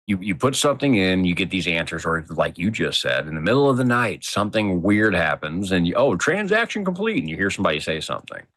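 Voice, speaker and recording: Deep-voiced man talking animatedly. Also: animated, quick pace, hardly any pauses, fairly bright tone, dry recording. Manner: emphatic, thinks aloud. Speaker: podcast guest. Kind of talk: casual chat.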